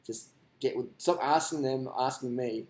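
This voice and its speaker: A man's voice: medium pitch, moderate pace, darkish tone, reverberant. A man hosting a live stream, answering viewer questions in a blunt, rambling, profane way. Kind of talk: casual unscripted live stream chat.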